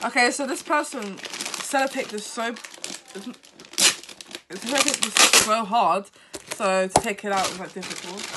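A tired woman vlogger unboxing gifts at home, talking in an excitable, apologetic way. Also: on the high side, normal speed, heavy background noise. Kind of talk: unboxing vlog.

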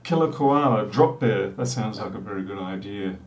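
This is a live-streaming programmer, a middle-aged man from South Australia with an Australian accent, casually chatting and joking as he codes. His fairly low voice is expressive and moves at a moderate pace, with slight background noise. The small, echoey room with a door is captured on a distant mic.

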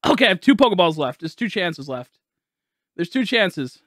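A young man streaming a video game live, loud and exasperated, laughing and swearing as he talks to his chat. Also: sits high, sing-song, moderate pace, no echo, studio quality.

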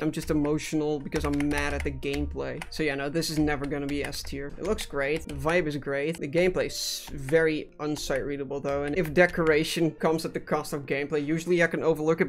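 A young man giving casual, sarcastic gameplay commentary as a gaming YouTuber, swearing and laughing often while he plays and ranks levels. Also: fairly high pitch.

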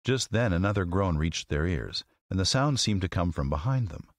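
A man narrating a classic children's story as an audiobook, with an expressive, measured reading. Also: deep voice, dry recording.

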